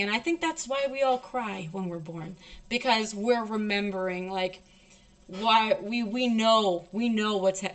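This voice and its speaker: A woman's voice: fairly high pitch, a bit bright. A young woman telling a personal story on a stream in a blunt, heavily profane, emotional and emphatic way.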